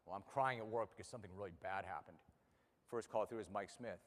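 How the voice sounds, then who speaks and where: A man in his fifties speaking emotionally to an audience about losing his racehorse, halting and repeating words when upset. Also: on the low side, long reverb tail. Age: 50s. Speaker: racehorse owner and radio host. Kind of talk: emotional personal speech to an audience. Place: room with a live audience.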